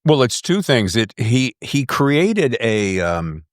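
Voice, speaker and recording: A man hosting an interview podcast, telling stories in a casual, lively way and sometimes slipping into a radio voice. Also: mid-range voice, slow, no room sound, studio quality. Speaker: podcast host.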